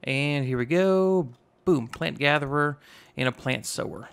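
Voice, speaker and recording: A man in his twenties with a slightly raspy voice, casually narrating a building game and rambling as he goes. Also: fairly high pitch, measured pace, fairly bright tone. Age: 20s. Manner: rambling, self-teasing, narrates each step aloud. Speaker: gaming YouTuber. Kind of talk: casual Minecraft let's play commentary.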